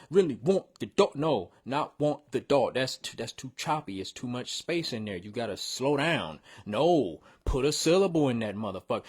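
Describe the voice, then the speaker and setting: A man hosting a show where he reviews submitted songs, giving blunt, slangy and animated feedback in casual talk. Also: medium pitch, normal speed, slightly rough. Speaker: host reviewing song submissions. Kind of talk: casual music critique.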